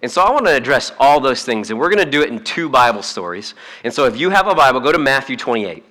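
A man's voice: medium pitch, sing-song, fast talker, bright, forceful tone. A man preaching to a congregation in a casual, conversational way, acting out the voices of the people he quotes. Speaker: pastor. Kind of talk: sermon. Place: church hall.

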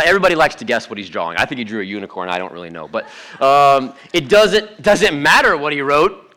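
A man preaching a sermon to his church in a conversational, animated way, with joking asides. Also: on the high side. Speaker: pastor.

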